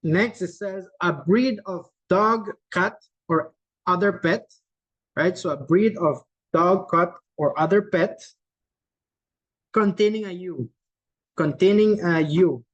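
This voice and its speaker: A conference game host with a mid-range voice, recorded with the highs cut off, hosts a relaxed chat quiz on a video call. The delivery is loose, with slow repetition of every clue, answers pulled from the chat, and frequent "right?" tags.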